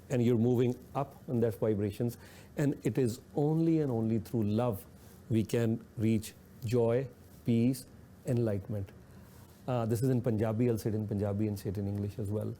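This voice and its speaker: A man's voice: medium pitch, dark tone, slight background noise. A man hosting a radio talk show, speaking earnestly and repeating points for emphasis. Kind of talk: reflective talk radio discussion.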